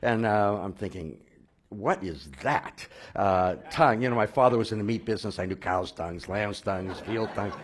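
A man telling his personal conversion story, halting with fillers and restarts, then growing animated and laughing at the funny parts. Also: on the low side. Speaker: speaker sharing a personal conversion testimony.

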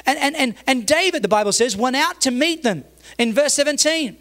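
A man with a high voice preaching a sermon as a pastor. He speaks emphatically, doubling back on words and repeating phrases. He acts out the people in his stories. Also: lively intonation, brisk, a bit bright. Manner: tells stories, acting out the people in them.

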